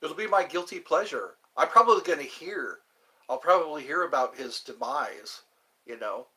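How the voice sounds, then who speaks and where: A man's voice: fairly high pitch, lively intonation, normal speed, bright, forceful tone. A middle-aged man hosting a rambling live chat, joking around and putting on mock voices. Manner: joking, sings lines, mock accents. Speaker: livestream host.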